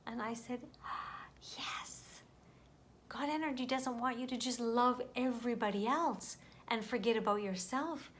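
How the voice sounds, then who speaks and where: Gentle woman sharing a spiritual message. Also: on the high side, moderate pace, hardly any pauses, slight background noise. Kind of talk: earnest inspirational vlog talk.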